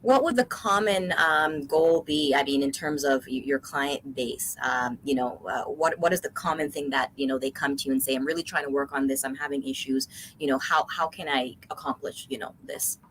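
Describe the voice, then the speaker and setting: A woman co-host asking hesitant, halting interview questions over a video call. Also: rumbling low, a bit bright, a little hiss or hum, rough recording.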